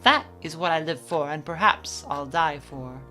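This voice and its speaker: A woman's voice: sits low, normal speed, sharp tone, faint music behind. A woman voicing a burly, grandiose male janitor who treats cleaning as a holy duty, reading game dialogue aloud in a pompous, declaiming way.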